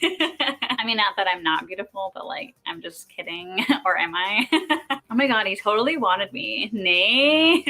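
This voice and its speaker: A woman's voice: mid-range voice, pushed and bright. A young woman from North Dakota explaining slang in a casual vlog, playful and sassy, breaking into giggles often. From North Dakota, USA.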